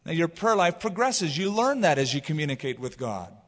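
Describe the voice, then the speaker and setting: A man's voice: on the high side, brisk, big-room sound. A man preaching a sermon as pastor, telling stories and acting out quotes as he goes. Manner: animated storytelling with acted quotes.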